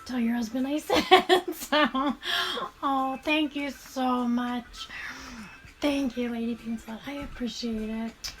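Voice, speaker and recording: A woman streaming as she paints shoes, chatting casually and thanking viewers in a soft, often half-whispered voice. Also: high voice, steady tone, takes it slowly, faint music behind. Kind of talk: casual live-stream chat while painting.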